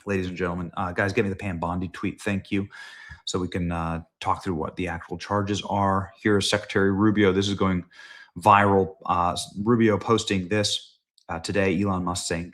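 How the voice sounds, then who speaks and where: A man hosting a political live stream from his home, with a somewhat low voice. He talks emphatically, building to sudden loud, high bursts. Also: level tone, normal speed.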